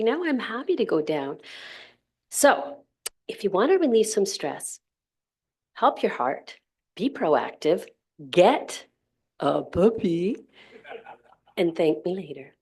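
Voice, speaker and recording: A woman's voice: lowish voice, sing-song, slow, darkish tone, slightly rough. A woman giving an impromptu club speech about stress, humorous and laughing often. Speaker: table topics speaker.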